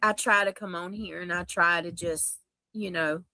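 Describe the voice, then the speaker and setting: A woman's voice: lowish voice, fairly even intonation, normal speed, bright, forceful tone, no echo. A woman livestreamer in a played clip, talking in an emotional, dramatic, pleading way.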